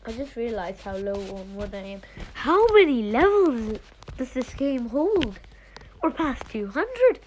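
A woman with a fairly high voice chats her way through a game in slow, unhurried phrases, giggling and muttering half to herself. A faint hiss of noise sits under the recording. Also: very animated, darkish tone, low-quality recording. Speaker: gaming streamer. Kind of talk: casual gameplay commentary.

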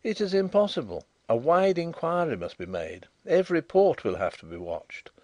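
A man doing a calm, shrewd gentleman detective. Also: on the high side, no room sound, voice pushed up. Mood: assured. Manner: assured, measured, dryly courteous.

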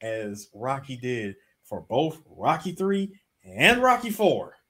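A man co-hosting a casual podcast chat, excitable and quick to jump in and interrupt. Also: mid-range voice, slightly rough. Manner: animated, interrupting, laughing. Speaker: podcast co-host.

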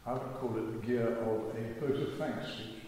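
A man's voice: mid-range voice, fairly even intonation, normal speed, dark tone, a little hiss or hum. An older man telling a wry, self-mocking story as a speaker in a church. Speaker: speaker giving a testimony talk. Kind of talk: storytelling talk. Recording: echoey church hall.

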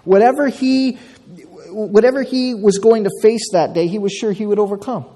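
A male pastor preaching a sermon, telling a story with lively delivery and acting out the quotes. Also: high voice, moderate pace. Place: church sanctuary. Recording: long church reverb.

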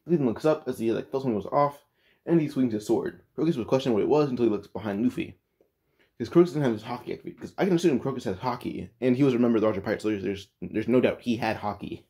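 A man's voice: medium pitch, very fast, dark tone. A man casually retelling an anime fan story, rambling with lots of "like" and frequent restarts.

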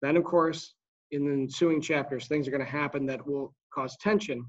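Guy teaching history to a small class, kinda high voice, chatty with asides, muffled lo-fi sound. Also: fairly even intonation. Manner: conversational, with asides and quick restarts. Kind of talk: classroom lecture.

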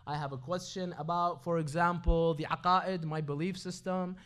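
A man's voice: on the high side, fairly even intonation, normal speed, a bit bright, smooth. A man giving a Ramadan religious lecture at an Islamic centre, moving between recited Arabic sayings and English explanation with rhetorical questions.

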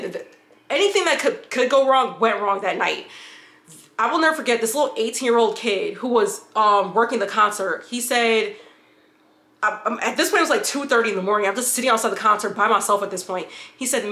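A woman's voice: a little high, animated, brisk, bright, forceful tone, echoey room. A woman from upstate New York telling a personal story in a casual, candid vlog, rambling and swearing freely. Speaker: vlogger.

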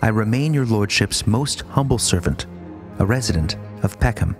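A man's voice: lowish voice, lively intonation. Man reading an old letter over music. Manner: formal, measured reading. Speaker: podcast co-host. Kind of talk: dramatic reading of a historical letter.

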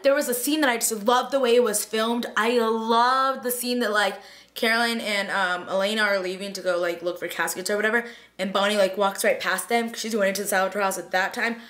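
A woman's voice: mid-range voice, steady tone, fairly quick, a bit bright. A young woman chatting through a TV episode recap late at night, gushing and tired, filling her talk with "like" and paraphrased quotes. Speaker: vlogger reviewing a TV episode.

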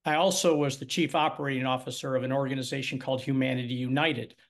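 A man with a gravelly, mid-pitched voice speaks over a video call. He is assertive and presses his credentials as a candidate at a forum. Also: fairly even intonation, fast talker. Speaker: congressional candidate. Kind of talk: candidate forum opening statement.

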